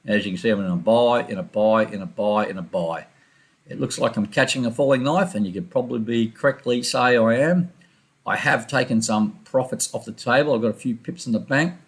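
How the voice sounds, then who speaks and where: Man, middle-pitched, quick loose explaining, casual screen-recording voice-over, restarts mid-sentence. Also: slightly rough. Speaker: forex trader reviewing his trades. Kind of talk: casual chart walkthrough.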